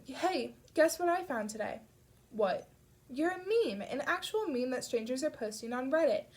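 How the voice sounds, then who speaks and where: A woman's voice: high voice, lively intonation, normal speed, darkish tone, pitched above the performer's own voice. A woman reading an audiobook, voicing a chatty, teasing teenage girl who is the heroine's best friend, in a raised, bubbly voice. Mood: excited.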